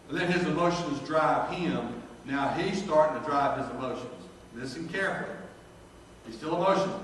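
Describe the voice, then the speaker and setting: A middle-aged man, preaching a folksy sermon in a storytelling manner and reading scripture slowly. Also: a little high, a bit bright, slight background noise. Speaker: pastor. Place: large church sanctuary. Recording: very echoey church hall from far off.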